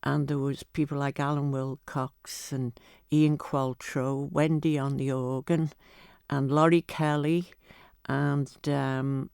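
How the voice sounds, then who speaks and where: A woman's voice: rumbling low, little pitch movement, slow, vocal fry, a little mellow, clean tone, no room sound, studio quality. An older woman with a Manx accent, a guest telling self-mocking anecdotes in a casual interview. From Isle of Man. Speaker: guest entertainer.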